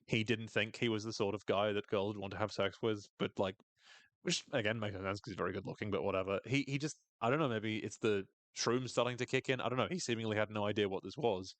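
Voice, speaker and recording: A man with a lowish, steady voice talks fast while co-hosting a podcast, recapping a TV episode with dry, wry humor. He reads quotes out in a put-on voice, and the recording is dry.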